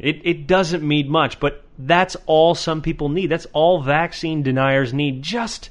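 A man hosting a podcast in casual chat, animated and sarcastic, swearing freely. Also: fairly high pitch, unhurried. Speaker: podcast host.

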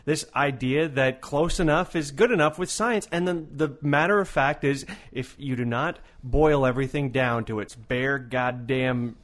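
A man's voice: medium pitch, normal speed, hardly any pauses, fairly bright tone. A man co-hosting a casual chat show, blunt and crude with strong opinions. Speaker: podcast co-host.

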